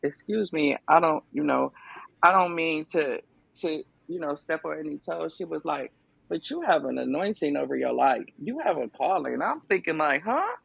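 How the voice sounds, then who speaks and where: Gravelly-voiced woman telling her story. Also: sits low, expressive, moderate pace, no room sound. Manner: emphatic, conversational, lots of fillers. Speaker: podcast guest. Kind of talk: casual testimony.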